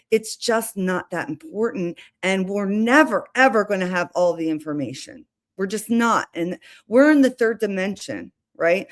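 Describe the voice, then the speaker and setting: A woman hosting a casual livestream, talking in a chatty, rambling way with restarts and asides. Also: mid-range voice. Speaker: livestream host.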